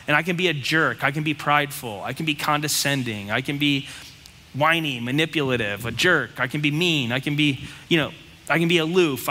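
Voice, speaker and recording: A man preaches to his congregation in a plain, conversational way, firing off rhetorical questions. His voice is bright and sits a bit high. The sound carries a long hall reverb. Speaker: pastor. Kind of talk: sermon.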